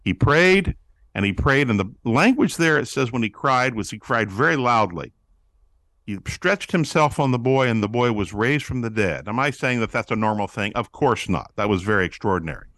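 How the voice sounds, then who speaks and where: Animated preaching man, dry close sound. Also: medium pitch, moderate pace, dry recording. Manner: animated preaching, acts out quoted voices. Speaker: guest, pastor-author on prayer. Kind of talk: teaching interview answer.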